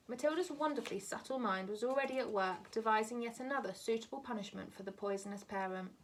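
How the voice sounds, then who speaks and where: A woman teacher reading a novel aloud to her class in a steady, measured way. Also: medium pitch, vocal fry, far from the mic.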